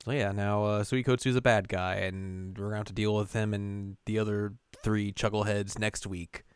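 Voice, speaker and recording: A young man with a low, smooth voice recaps an episode in relaxed chat. He is deadpan and jokey, and the sound is close and dry with no room. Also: moderate pace, no echo. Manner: jokey, deadpan, acts out lines. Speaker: podcast co-host.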